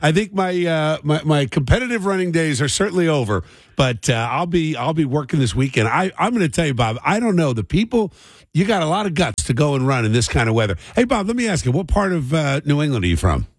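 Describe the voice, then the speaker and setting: A man's voice: a little high, sing-song, quick pace, breathy edge, no echo. A man hosting a radio call-in show, talking in an emphatic, joking way. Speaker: radio talk show host. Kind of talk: casual radio call-in chat. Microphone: studio microphone.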